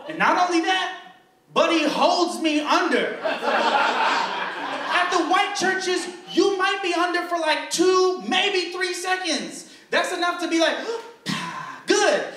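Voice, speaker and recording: Young man doing stand-up, high-pitched and animated, self-mocking, faint crowd room, mic far off. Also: slow. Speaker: stand-up comedian. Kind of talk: stand-up comedy storytelling. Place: comedy club stage. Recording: roomy stage sound from a distant mic.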